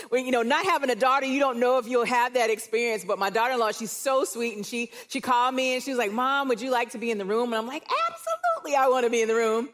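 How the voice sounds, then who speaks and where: A woman grandmother giving a sermon to a live church audience. Her voice sits a little high, and she brings her stories alive by acting out what family members said. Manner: warm storytelling, animated quoting of others. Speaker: guest speaker, church care director.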